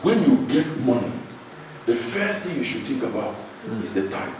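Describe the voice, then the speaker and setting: Emphatic Ghanaian pastor preaching in a church. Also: male voice, mid-range voice, very animated, normal speed, a little mellow, a little hiss or hum. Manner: emphatic call-and-response preaching, asking the congregation questions. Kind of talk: sermon. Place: church hall. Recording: echoey church hall, voice from far off the mic.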